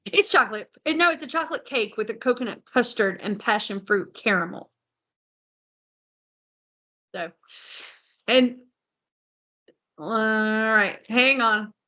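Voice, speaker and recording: A woman's voice: on the high side, unhurried, long pauses, pushed and bright, lo-fi sound. A woman co-hosting a podcast in casual chat, reading out a menu and tripping over foreign names, laughing at herself. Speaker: podcast co-host.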